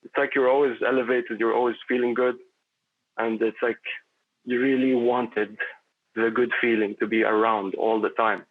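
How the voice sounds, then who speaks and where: A man's voice: medium pitch, little pitch movement, normal speed. A man chatting as a podcast guest, rambling and philosophical, with lots of fillers and restarts. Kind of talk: casual conversation. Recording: tinny phone-like line.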